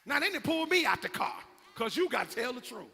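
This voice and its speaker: A man preaching a sermon as pastor, telling a story with lively acted-out voices. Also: very high voice, fast, creaky, husky. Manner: animated storytelling, acting out characters. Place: church sanctuary. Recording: long hall reverb.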